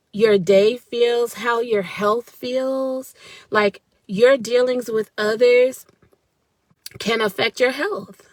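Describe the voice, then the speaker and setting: A woman's voice: a little high, dry recording. A woman giving an earnest, spiritual motivational talk on a live video and speaking straight to her viewers. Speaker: wellness speaker.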